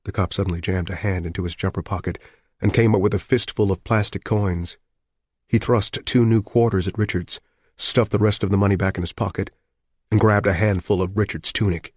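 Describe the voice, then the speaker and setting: Deep, husky male reader for a tense thriller audiobook, close dry mic. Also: steady tone, a little fast, a little mellow, no echo. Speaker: audiobook narrator. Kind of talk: scripted narration.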